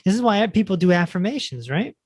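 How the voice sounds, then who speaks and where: A man hosting a podcast, talking in a relaxed, reflective way and chatting casually with his guest. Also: high-pitched, a little fast, dry recording. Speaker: podcast host.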